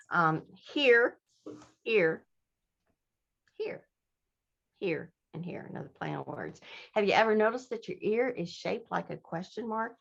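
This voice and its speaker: A woman with a low, gravelly voice presents to nurses over a video call. She talks chattily, pausing on fillers and correcting herself as she goes. The call audio sounds dull and lo-fi.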